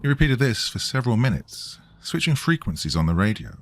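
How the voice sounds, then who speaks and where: A man reading a scripted horror story in a measured, grave manner. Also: mid-range voice, big pitch swings, faint music behind. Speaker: narrator.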